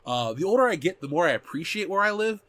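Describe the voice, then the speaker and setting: A man in his thirties hosting a casual chat show and reading viewer comments aloud. He talks in an animated way, swears often and corrects himself mid-sentence. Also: high voice, fast, no room sound.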